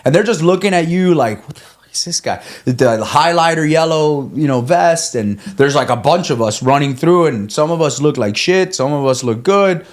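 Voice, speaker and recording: A man's voice: fairly high pitch, expressive, moderate pace, hardly any pauses. A man, a guest on a podcast, telling a long story in casual chat, swearing freely and laughing as he goes. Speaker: guest, ultramarathon runner.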